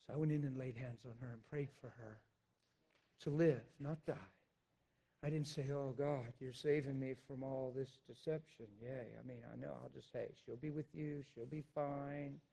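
Husky, impassioned preacher man. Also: medium pitch, fairly even intonation, normal speed. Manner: emphatic, swinging from loud declarations to hushed recounting. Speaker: pastor. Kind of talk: sermon testimony.

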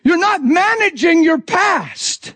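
High-voiced intense male preacher. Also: big pitch swings, slow pace, a bit bright, no echo. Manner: intense, conversational preaching with acted-out quotes. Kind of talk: sermon.

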